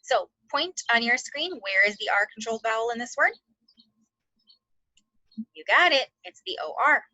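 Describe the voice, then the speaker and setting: A woman teaching an online phonics lesson to second graders, sounding out letters slowly and encouraging the class. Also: a little high, lively intonation, pushed and bright, no room sound, highs cut off.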